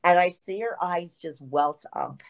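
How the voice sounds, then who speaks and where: Woman, deep voice, middle-aged, interview guest, animated storyteller. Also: measured pace. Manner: animated storyteller, full of fillers and asides. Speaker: guest, retired pro wrestler.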